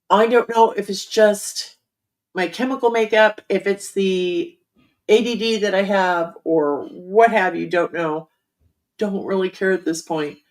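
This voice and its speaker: A middle-aged woman author chatting candidly and casually with her audience about writing, with frequent ums. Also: mid-range voice. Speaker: author hosting a writing livestream. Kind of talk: casual chat.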